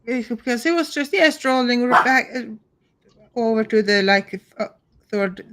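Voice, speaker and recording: Halting woman with phrasing. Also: on the high side, lively intonation, fairly bright tone. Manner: halting, non-native phrasing, self-correcting. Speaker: guest co-streamer. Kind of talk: casual chat.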